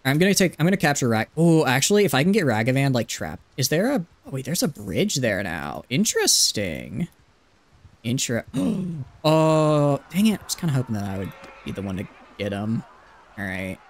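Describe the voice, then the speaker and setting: A man's voice: mid-range voice, very animated, normal speed. A man streaming a game live, giving playful, rambling commentary full of "like" fillers. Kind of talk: casual live gameplay commentary.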